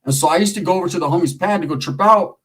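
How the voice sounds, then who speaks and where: Middle-aged Californian man, streetwise storyteller, husky and slightly high. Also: very fast, poor audio. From Merced area, California. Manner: streetwise slang, profane, animated. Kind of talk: casual storytelling.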